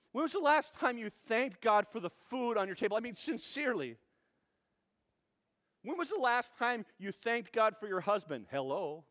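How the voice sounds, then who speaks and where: A male pastor preaching to his congregation in a high, light voice. He keeps the sermon conversational and lively, throwing out rhetorical questions. The delivery is animated and warm with conviction. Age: adult parent.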